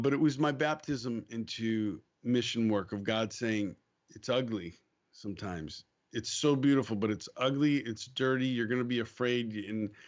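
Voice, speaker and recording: A man speaking as a guest on a faith podcast, telling a story in a casual, animated way, acting out quoted lines and laughing easily. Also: medium pitch, muffled recording. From United States.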